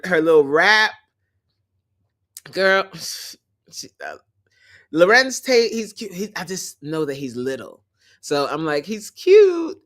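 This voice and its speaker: A woman hosting a casual livestream chat, animated and teasing, who laughs often and talks straight to her viewers. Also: low voice. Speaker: host.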